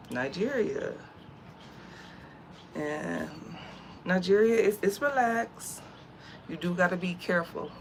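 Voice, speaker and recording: This low-pitched young woman from the United States is vlogging outdoors, animatedly telling a story in a slang-heavy, chatty style. Slight background noise can be heard.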